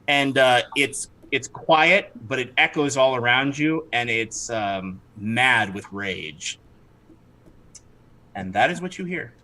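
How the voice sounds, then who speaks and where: A man running a tabletop game as game master, narrating lively and laughing, stopping to correct himself. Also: medium pitch, slow pace.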